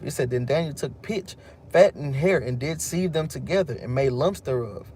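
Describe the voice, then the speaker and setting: A man's voice: a little high, expressive, moderate pace, gravelly, dark tone, slight background noise. A man with a Texan accent teaching from scripture, reading verses aloud and then retelling them in loose street slang. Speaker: teacher of a religious group. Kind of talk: bible teaching with casual commentary.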